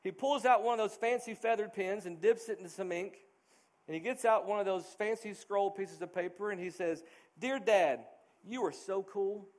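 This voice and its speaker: A man's voice: high-pitched, fairly quick. A middle-aged male pastor preaching a sermon, earnest and emphatic.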